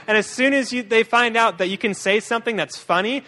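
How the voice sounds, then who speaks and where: A man with a high, bright-pitched voice preaches a sermon as a guest speaker. He talks in a lively, joking way and often stumbles and restarts his sentences. His voice rings out with the long reverb of a large hall. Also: fast talker. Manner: lively, humorous, with frequent restarts.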